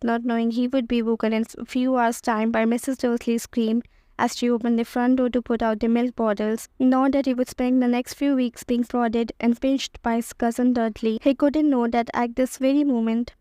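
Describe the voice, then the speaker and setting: A woman narrating an audiobook in a steady, even reading voice. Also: a little high, clear, resonant tone, no echo. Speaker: audiobook reader.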